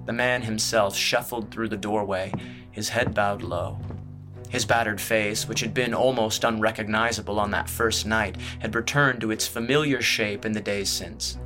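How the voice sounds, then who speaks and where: Male narrator with a bright, forceful tone and a lowish voice, for scripted fantasy narration. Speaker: audiobook narrator.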